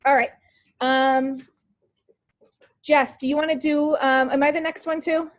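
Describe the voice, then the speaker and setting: Here a high-pitched woman speaks in a steady tone at an unhurried pace, with no echo around her. Leading a sales team's motivational call, she coaches with bright, peppy energy, speaking straight to the group. Her talk is packed with rhetorical questions, "like," and "you guys."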